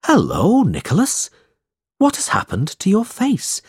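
Man playing a hearty kind friend, husky voice, lively pitch, slow. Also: no echo, clean studio sound, heavily acted.

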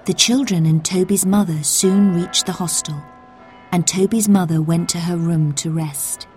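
A woman narrating a children's storybook in a clear, measured way. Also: lowish voice, steady tone, a little mellow, faint music behind.

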